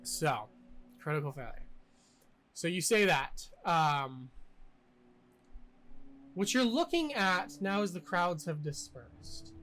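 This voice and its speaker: A young man narrating as game master in a tabletop game, casual and halting with many fillers. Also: high voice, expressive, a bit bright, faint music behind, low-quality recording.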